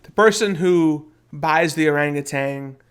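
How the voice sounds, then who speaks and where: Brief: young male co-host, slightly high voice, profane, recaps from notes. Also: unhurried, fairly bright tone, smooth. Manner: profane, reads episode notes. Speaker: podcast co-host. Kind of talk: casual recap chat.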